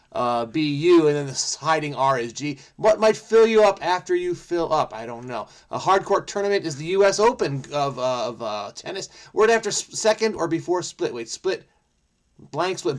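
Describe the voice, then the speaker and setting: A man with a slightly high voice solves a crossword aloud in a frenetic, scattered way. He jumps between quick bursts and mumbled trailing asides. It sounds like casual thinking out loud. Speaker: crossword solver, channel host.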